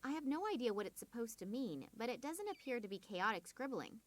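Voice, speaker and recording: A woman's voice: fairly high pitch, lively intonation, quick pace, a little hiss or hum, lightly acted. A woman voicing earnest young Nina. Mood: musing. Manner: earnest, musing. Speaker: game protagonist.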